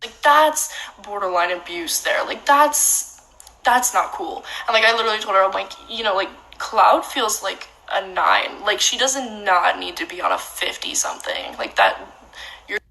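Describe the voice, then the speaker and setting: A woman's voice: mid-range voice, fairly bright tone, roomy sound, rough recording. A young woman ranting angrily and profanely, full of "like" fillers, about another dog owner. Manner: heated, profane, filler-heavy. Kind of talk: angry vlog rant.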